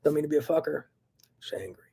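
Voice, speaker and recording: A man ranting angrily into the camera in a profane, agitated monologue, swinging between loud outbursts and low muttering. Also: lively intonation, quick pace, creaky, slightly rough. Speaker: vlogger.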